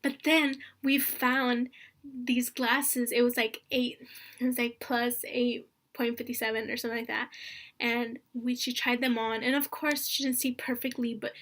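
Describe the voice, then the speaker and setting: A woman's voice: a little high, flat delivery, a little slow, a bit bright. A young woman telling a story in a casual vlog, rambling and earnest, full of "like" and "honestly" and near tears. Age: young adult. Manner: rambling, earnest, heavy use of fillers like "like" and "honestly"; emotional, close to tears. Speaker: vlogger.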